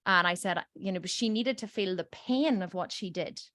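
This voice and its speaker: Speaking at normal speed in a medium-pitched, slightly bright voice, a coaching podcast host tells a story as a mother, emphatic and swearing, performing the voices of the characters. The recording is dry.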